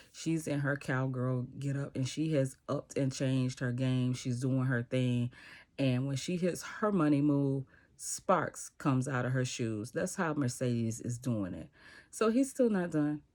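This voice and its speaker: A man casually recapping a TV episode, retelling scenes in a lively way and acting out the characters' lines. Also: mid-range voice, unhurried.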